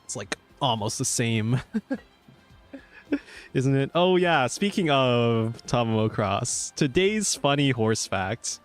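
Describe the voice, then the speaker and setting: A man's voice: medium pitch, big pitch swings, slow, faint music behind. A male VTuber chatting casually while streaming a game, rambling with lots of fillers and easy laughs. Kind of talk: casual gaming stream chat.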